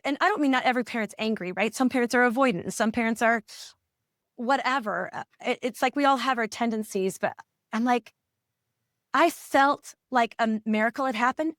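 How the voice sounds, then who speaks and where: A middle-aged woman, a parent coach, telling a personal story as a podcast guest, reflective and halting, often restarting her sentences. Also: a little high, no room sound, clean studio sound. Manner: reflective, halting, with frequent restarts and soft laughs.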